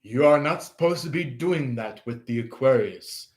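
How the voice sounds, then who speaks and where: A man's voice: mid-range voice, animated, normal speed, a little mellow, natural voice. A man voicing archangels who give a stern command.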